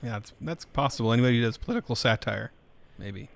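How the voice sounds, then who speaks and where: A man's voice: mid-range voice, lively intonation, quick pace, vocal fry. A man hosting a podcast in easygoing casual chat, chuckling often. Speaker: podcast host.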